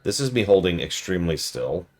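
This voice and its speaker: Deep-voiced joking male streamer. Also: big pitch swings, fairly quick. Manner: playful, joking asides. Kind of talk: casual gameplay commentary.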